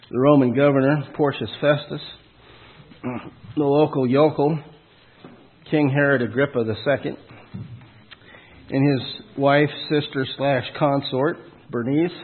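A man preaches a sermon in a folksy, punchy style, putting rhetorical questions to his listeners and suddenly hitting key words loudly. His medium-pitched voice has a breathy edge and moves at a measured pace with long pauses. The sound is tinny, like a phone.

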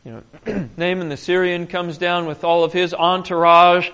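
A man preaching in a conversational way, telling stories with animation and often clearing his throat. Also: high-pitched, moderate pace. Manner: animated storytelling. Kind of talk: conversational Bible teaching.

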